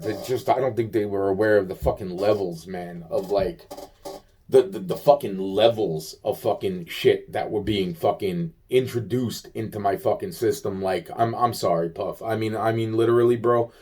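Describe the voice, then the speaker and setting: Low-voiced man ranting in a rambling monologue. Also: a little mellow. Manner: profane, repetitive filler-heavy rambling; agitated, venting.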